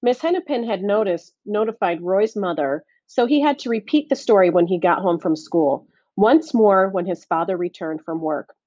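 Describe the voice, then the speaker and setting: A woman narrates a storybook with steady, clear delivery at an everyday pitch. The recording is dry and slightly muffled, with no room sound. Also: normal speed, few pauses, no room sound. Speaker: audiobook narrator. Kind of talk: scripted narration.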